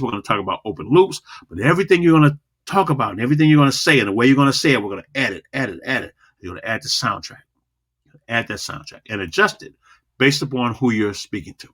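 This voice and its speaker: An energetic man teaches public speaking in a video lesson, speaking directly to the viewer. His pitch rises and falls freely and his voice rings bright and forceful. He repeats phrases over and over to drive his points home. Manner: energetic, repetitive, demonstrates vocal dynamics.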